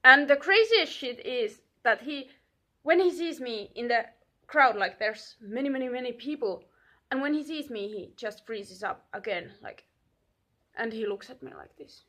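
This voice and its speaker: A young woman telling a story casually, animated and swearing, acting out what people said. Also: on the high side, moderate pace. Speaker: vlogger.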